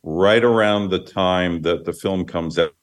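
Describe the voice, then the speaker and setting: A man's voice: low-pitched, a little slow. A man guesting on a podcast as a filmmaker, answering questions in an easygoing, plain-spoken way. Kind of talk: interview answers.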